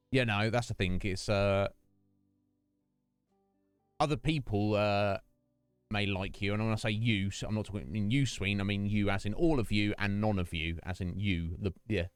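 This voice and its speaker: This is a British man chatting casually on a game stream, thinking out loud for his viewers. His voice sits low and sounds smooth and clean on a dry, close mic. His thoughts wander, and he fills the gaps with ums and half-finished starts. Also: steady tone, a little slow, long pauses, dry recording, faint music behind. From United Kingdom. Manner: rambling, musing aloud with frequent fillers and restarts.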